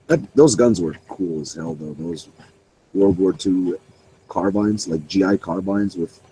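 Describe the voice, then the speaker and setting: A man's voice: deep voice, a little slow, dark tone, a little hiss or hum, low-quality recording. A young man swearing freely as he tells a rambling story in a casual online voice chat. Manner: profane, rambling, laughing.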